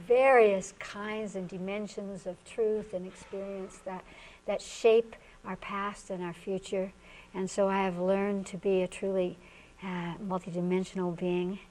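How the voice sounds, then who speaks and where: A woman's voice: medium pitch, a little mellow, poor audio. A woman guest sharing spiritual thoughts. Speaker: panel guest. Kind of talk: casual panel talk.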